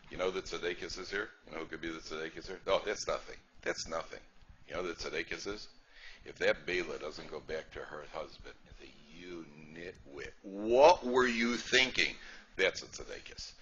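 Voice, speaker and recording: This male rabbi has a bass voice with a steady tone, brisk pace, and a bright, forceful sound. He tells stories in a funny, chatty lecture, repeating himself and often checking with listeners, "right?" The recording is dull and lo-fi, with faint background noise.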